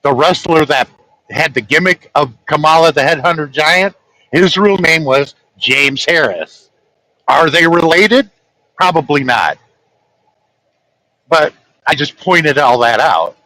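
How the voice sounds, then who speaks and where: A man tells a story in a loose, rambling vlog style, his voice sitting a little high for a man. He chuckles at his own stories as he goes. The recording is close and dry, with no room sound. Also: lively intonation, measured pace, long pauses, sharp tone, dry recording, rough recording. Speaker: truck driver vlogger. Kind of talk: casual storytelling.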